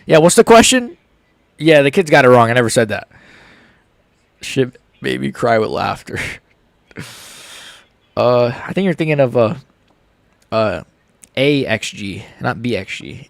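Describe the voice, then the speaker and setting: Young dude on a late night stream, hiccuping, chill slangy talk, dead dry mic. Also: male voice, mid-range voice, gravelly, no room sound. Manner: reads chat aloud, laid-back slangy banter. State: has the hiccups. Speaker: streamer reacting live to fights. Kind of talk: casual live stream chat.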